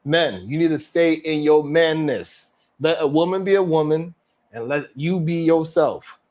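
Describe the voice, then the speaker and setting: A man's voice: a little high, unhurried, a little mellow. A man hosting a live stream, giving blunt, slangy, opinionated commentary on a clip. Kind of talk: casual reaction commentary.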